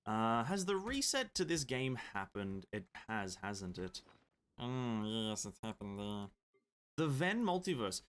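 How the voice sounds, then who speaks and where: A man's voice: on the low side, sing-song, measured pace, fairly bright tone, clean tone. A young man, rambling and joking in casual live-stream chat as he plays a game and answers his chat.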